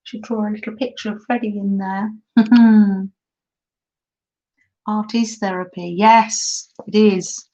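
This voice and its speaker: A woman's voice: medium pitch, steady tone, takes it slowly, dark tone, poor audio. A middle-aged woman hosting a casual craft live stream, chatting and reading viewer comments aloud with frequent laughs. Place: holiday home, indoors at a craft table. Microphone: laptop mic.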